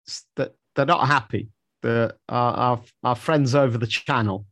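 A man's voice: medium pitch, measured pace, fairly bright tone, no echo. A man co-hosting a casual news chat, thinking aloud with repeated words and a wry tone.

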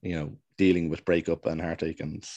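A man's voice: extremely low pitch, level tone, fairly quick, darkish tone, dry recording, muffled recording. A man casually recapping a TV show's plot, rambling and hesitant as he tells it. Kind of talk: casual chat recapping a TV show.

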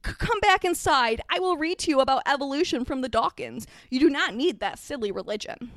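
A prim, condescending aunt with a sickly sweet, rather high voice, as a woman reading aloud puts her on. The delivery is dry and close-miked. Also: lively intonation, measured pace, a bit bright, no echo. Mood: insistent.

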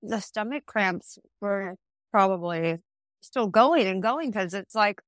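A woman's voice: medium pitch, slow, no echo, clean studio sound. Sympathetic woman co-host. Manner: sympathetic reactions and short interjections. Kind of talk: casual chat.

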